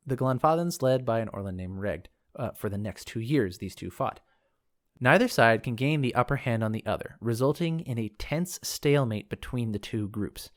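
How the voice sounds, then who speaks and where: A man hosting a lore podcast, reading from a book and wandering into casual asides as he thinks aloud. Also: medium pitch. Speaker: podcast host discussing game lore.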